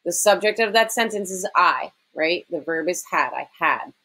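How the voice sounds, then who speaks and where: A woman's voice: on the low side, expressive, moderate pace, pushed and bright, breathy edge, poor audio. A woman teacher giving a recorded writing lesson to her students, explaining step by step in a conversational way with frequent "okay" and "um".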